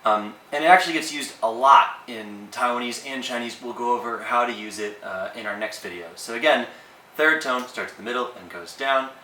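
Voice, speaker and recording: A man teaching language tones in a casual, relaxed lesson, with plenty of ums and uhs. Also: medium pitch, brisk, roomy sound, distant mic, slight background noise, poor audio.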